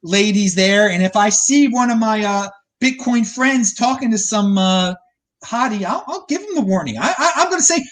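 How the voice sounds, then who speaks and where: A man hosting a casual podcast, joking excitably and stumbling over his words. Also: high voice, moderate pace. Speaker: host.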